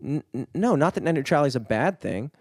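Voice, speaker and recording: A man's voice: medium pitch, big pitch swings, fast, darkish tone, no room sound, studio quality. A man co-hosting a podcast in casual chat, rambling and swearing, with lots of filler words. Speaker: podcast co-host. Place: studio.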